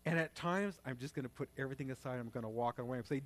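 A man preaching a sermon as pastor, talking conversationally and then rising into loud, fervent prayer. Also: medium pitch, rapid-fire, hardly any pauses.

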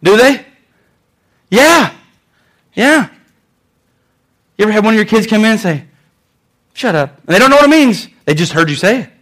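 A man preaching a sermon, reading scripture aloud and swinging between loud emphatic lines and quiet ones, often repeating phrases for emphasis. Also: high-pitched, lively intonation, normal speed, pauses often. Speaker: pastor.

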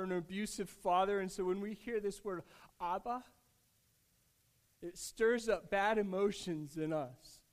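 A man preaching a sermon, earnest and conversational, with frequent restarts and casual asides. He swings between hushed, tender lines and louder, emphatic ones. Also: sits high. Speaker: pastor.

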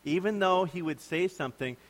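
A man's voice: high-pitched, brisk, long reverb tail, poor audio. A man preaching a sermon in a conversational, joking way. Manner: conversational, joking, puts on voices to make points.

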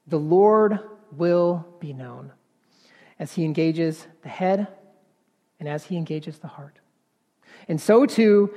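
A man preaching a sermon in an earnest, halting way, repeating words and then building to emphatic passages. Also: fairly high pitch, darkish tone, in a large hall.

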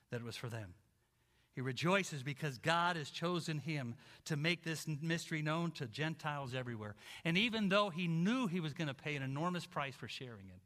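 A man preaching a sermon as pastor, enthusiastic, swinging between loud exclamations and quiet, low asides. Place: church sanctuary. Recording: reverberant hall.

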